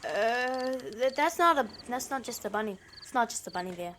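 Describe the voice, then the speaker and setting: A woman's voice: on the high side, expressive, normal speed, hardly any pauses, fairly bright tone, faint music behind. A woman with a New Zealand accent hosting a gaming channel, playing a horror game and talking dramatically to the characters, jumpy and easily scared.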